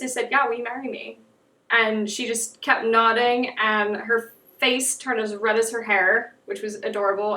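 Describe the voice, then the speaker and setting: A woman's voice: fairly high pitch, sharp tone, recorded from a distance. A young woman from the United States, a podcast guest telling a story in casual chat, full of "like" fillers. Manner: chatty, lots of "like" fillers. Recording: echoey room, off mic.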